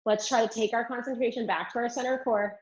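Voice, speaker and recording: A woman with a fairly high voice leads a live Pilates class, calling out counts and cues with upbeat energy. She sounds a little strained, as she does the moves herself. The stream audio is slightly dull and lo-fi. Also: fairly even intonation, quick pace. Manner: upbeat counting and cueing while doing the moves. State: strained from exercising along. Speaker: Pilates instructor. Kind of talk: live online fitness class cueing.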